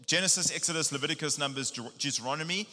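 A man preaching a casual sermon, retelling a Bible story in a lively, animated way with slang. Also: on the high side, fast talker, in a large hall. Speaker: pastor.

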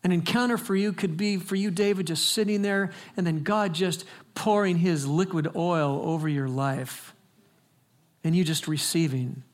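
High-voiced man preaching a sermon. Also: steady tone, normal speed. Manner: conversational storytelling building to emphatic exhortation. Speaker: pastor.

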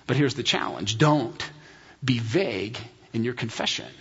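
A man's voice: medium pitch, measured pace, husky, long reverb tail, muffled recording. A man preaching a sermon as a pastor, emphatic and full of rhetorical questions.

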